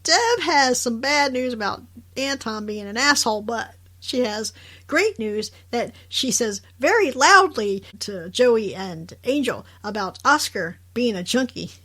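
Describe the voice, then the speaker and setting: A woman's voice: fairly high pitch, lively intonation, measured pace, a bit bright. A woman co-hosting a podcast, recapping a show in casual chat, laughing often and acting out the characters' lines. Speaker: podcast co-host.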